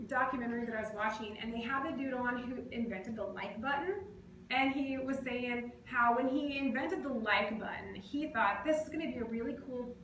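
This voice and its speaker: A woman giving a casual, conversational sermon in a church, animated and playfully acting out other people's voices. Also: fairly high pitch. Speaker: preacher. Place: church sanctuary. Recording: echoey church room, faint noise.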